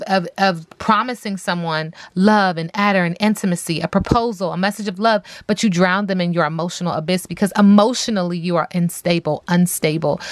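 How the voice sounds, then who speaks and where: A woman's voice: lowish voice, dry recording. A woman giving a tarot reading in a sassy, emphatic way, repeating herself and reeling off lists of words. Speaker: tarot reader.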